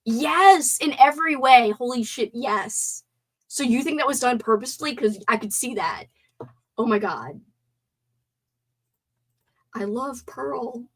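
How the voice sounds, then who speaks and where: Girl streaming a movie chat, kinda high voice, gets super animated and swears a lot. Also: unhurried, pauses often, slightly rough. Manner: animated, reads chat comments aloud, swears and gasps excitedly. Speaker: live stream host. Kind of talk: casual live stream movie discussion.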